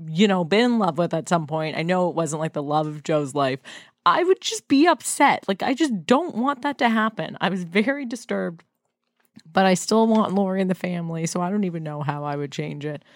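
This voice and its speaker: A woman hosting a podcast in casual chat, chatty and quick to tell stories and jokes. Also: lowish voice, expressive, no echo, studio quality. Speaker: podcast host.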